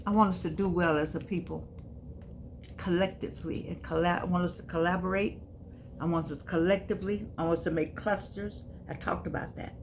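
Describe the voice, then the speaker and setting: An older woman in her eighties talks in a loose, folksy way. She restarts her sentences and then presses her points home with emphasis. A faint hiss runs underneath her voice. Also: fairly low pitch. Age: 80s. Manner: folksy, repeats herself, emphatic. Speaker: vlogger. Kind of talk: casual spoken reflection.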